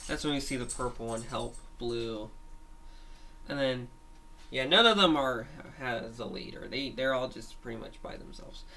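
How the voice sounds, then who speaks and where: A man's voice: medium pitch, normal speed, pushed and bright. A man retelling a made-up story in a rambling, hesitant way, with many restarts.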